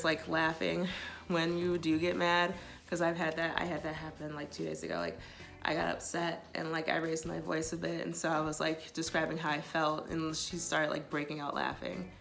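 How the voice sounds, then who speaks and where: A woman's voice: lowish voice, steady tone, normal speed, gravelly, fairly bright tone, soft background music. A woman vlogger giving casual relationship advice to the camera, chatty and full of filler "likes". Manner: chatty, many filler likes, quotes others in passing.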